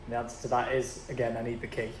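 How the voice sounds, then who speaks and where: A man's voice: mid-range voice, monotone, racing, slight background noise. A man chatting casually and joking through a home family vlog. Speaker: family vlogger.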